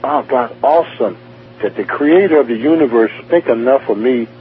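A man's voice: mid-range voice, normal speed, a little hiss or hum. A man from New York with a New York accent telling his personal testimony in a rambling, repetitive way, acting out dialogue. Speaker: testimony speaker. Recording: tinny phone-like radio broadcast.

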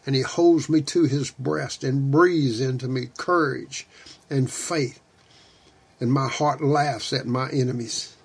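Husky-voiced preacher man. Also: medium pitch. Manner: slow, deliberate scripture reading. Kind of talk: sermon.

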